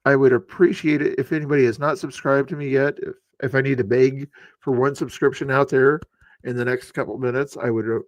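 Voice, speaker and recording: A man streaming from a home setup, talking in an offhand, chatty way with sarcastic asides. His voice is mid-pitched and recorded close, with a very dry sound and no room echo. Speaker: streamer and channel host. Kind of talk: casual live-stream commentary.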